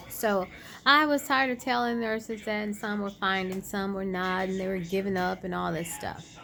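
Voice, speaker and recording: A woman vlogger casually retelling a personal story, chatty and animated, acting out quoted dialogue. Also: medium pitch, unhurried, gravelly. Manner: many fillers and restarts.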